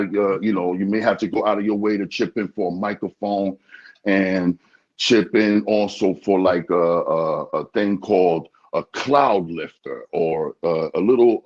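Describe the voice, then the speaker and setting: A man chatting casually in an interview, animated, often stammering and repeating words. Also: on the low side. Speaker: podcast host being interviewed. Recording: dull lo-fi sound.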